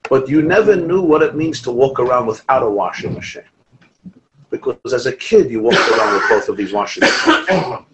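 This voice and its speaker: Rabbi guy giving a torah class, mid pitched, animated, quotes hebrew verses. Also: normal speed, heavy background noise. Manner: animated, quotes Hebrew and Aramaic texts, asides and restarts.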